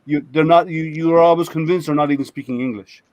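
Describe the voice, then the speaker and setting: A man, hosting a casual group chat on a live stream over a voice call, talking in halting, rambling sentences full of restarts. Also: a little high, fairly even intonation, a little mellow. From Michigan, United States. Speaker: host.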